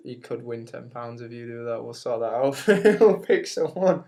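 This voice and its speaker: A man's voice: medium pitch, expressive, normal speed, creaky, dark tone. A young man, co-hosting a casual podcast on a webcam mic, telling a long rambling story full of "like" and the odd swear. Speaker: podcast co-host. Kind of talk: casual chat. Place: home, recorded on webcam. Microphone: webcam microphone.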